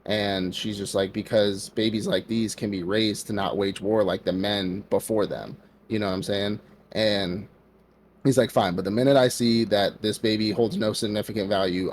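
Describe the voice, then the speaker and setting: A man with a fairly low voice retells an anime story in a loose, rambling podcast style. He slips into the characters' lines and fills his talk with "like". A faint hiss sits under the recording. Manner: loose storytelling, acts out quotes, many fillers like "like". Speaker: podcast co-host. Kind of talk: casual anime recap.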